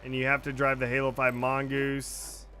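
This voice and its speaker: A man's voice: medium pitch, monotone, moderate pace, sharp tone. A man hosting a casual gaming livestream, rambling with lots of fillers and chatting to his viewers. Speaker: gaming streamer and host. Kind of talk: casual livestream commentary while playing. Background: faint game music.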